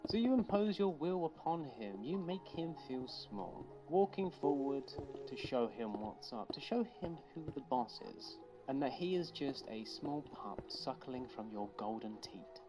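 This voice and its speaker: A casual video essay narrator full of sarcasm and the odd swear word. The pitch moves around a lot in an animated way. Music runs under the narration. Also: unhurried, hardly any pauses, low-quality recording. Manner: sarcastic, swears, puts on voices.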